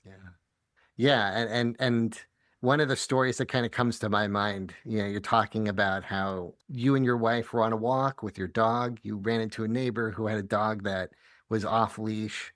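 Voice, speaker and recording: A man's voice: fairly low pitch, steady tone, moderate pace, a bit bright, no room sound, studio quality. A man hosting a podcast interview, often chiming in with short agreements. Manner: affirming, frequent brief agreements. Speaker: podcast host. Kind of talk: conversational interview.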